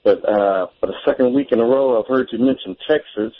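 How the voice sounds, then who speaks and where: A man calling into a radio talk show, making his points in an earnest, halting way with many fillers. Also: medium pitch. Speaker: caller. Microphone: telephone. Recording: tinny phone line.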